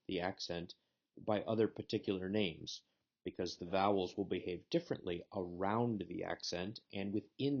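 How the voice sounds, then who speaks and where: Deep gravelly guy lecturing slowly thru grammar rules, kinda dull lo-fi sound. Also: a little mellow. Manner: methodical, explanatory teaching. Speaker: Hebrew instructor. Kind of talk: recorded lecture.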